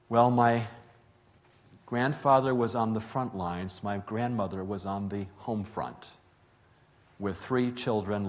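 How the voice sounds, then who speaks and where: A middle-aged man preaching, telling a family story in an earnest way that builds to emphatic stretches. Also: fairly low pitch. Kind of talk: sermon storytelling.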